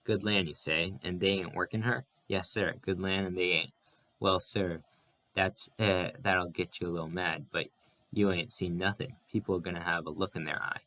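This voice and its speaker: Brief: a blunt, bitter, worn-out migrant man, read by a man, deep and drawling. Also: steady tone, moderate pace, bright, forceful tone. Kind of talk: audiobook character reading.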